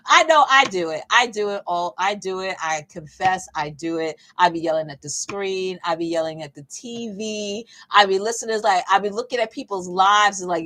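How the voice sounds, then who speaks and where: A woman coach leading a casual Bible teaching session, talking in a lively, conversational way with emphatic repeats and playful asides. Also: mid-range voice, normal speed, hardly any pauses, rough recording. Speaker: fitness coach and faith session leader.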